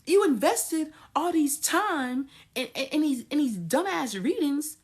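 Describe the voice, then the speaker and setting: A woman ranting bluntly to her viewers, cursing a lot and swinging from low mutters to loud outbursts. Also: animated, a little slow. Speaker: vlogger. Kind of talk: profane rant to camera.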